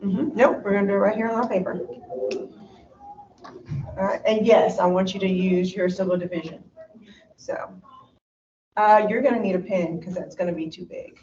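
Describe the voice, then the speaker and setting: A woman teacher coaches a student step by step, patient and encouraging, often murmuring quick affirmations. She sounds far from the microphone in a roomy space, and the recording is dull and slightly noisy. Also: medium pitch, darkish tone. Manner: patient, prompting with quick mm-hmms. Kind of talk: guiding a student through a reading lesson.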